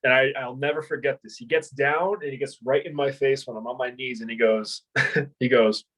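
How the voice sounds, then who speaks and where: This ex-Marine turned martial arts instructor, in his thirties, speaks at normal speed in a mid-range, slightly bright voice with a steady tone. In a casual interview he tells stories, cursing freely, laughing, and rambling through fillers and restarts. The recording is low quality.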